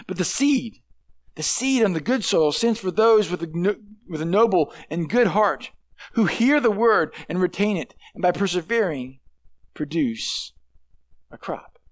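Man, pastor, high voice, casual sermon, stammering restarts. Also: expressive, unhurried. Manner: conversational preaching with frequent restarts and stammered repeats.

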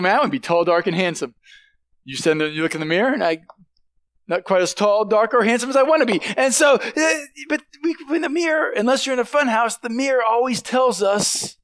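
A male pastor with a high-pitched voice, preaching in a loose, conversational way full of restarts. He often checks in with the congregation with quick questions. The sound is close and dry. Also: a bit bright, dry recording. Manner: halting, with many restarts and "right?" asides to the congregation. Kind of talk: sermon.

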